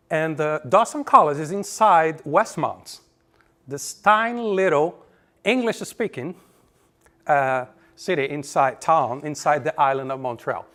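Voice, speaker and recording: Joking man presenting. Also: fairly high pitch. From Brazil. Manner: joking, chatty and relaxed. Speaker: conference presenter. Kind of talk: conference presentation. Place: conference room.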